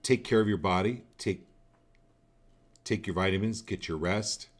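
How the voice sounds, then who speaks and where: A man's voice: lowish voice, a little slow. A man hosting a live card-reading show, speaking directly and coaching each viewer, often repeating phrases for emphasis.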